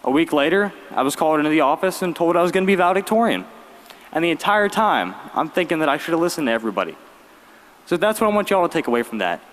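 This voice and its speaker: A young man, giving a graduation speech as valedictorian with lively storytelling and wry humor. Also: a little high, fast talker. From Virginia, US. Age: late teens. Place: large arena. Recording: long arena reverb.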